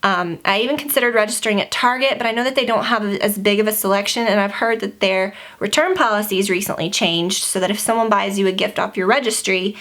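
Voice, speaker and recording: A pregnant beauty vlogger in her twenties gives a casual update from home, chatty and gushing, near tears, and loaded with fillers. Her medium-pitched, slightly bright voice moves fast with few pauses.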